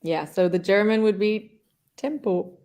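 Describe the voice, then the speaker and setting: A woman's voice: medium pitch, measured pace, a little mellow. A woman hosting a live online English lesson, patiently explaining and repeating words.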